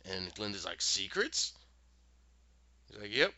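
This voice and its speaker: Animated man recapping a show, lo-fi. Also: fairly low pitch, smooth, no room sound. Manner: animated, acts out characters' lines in quick voices. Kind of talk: casual recap storytelling. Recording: dull, lo-fi dry sound.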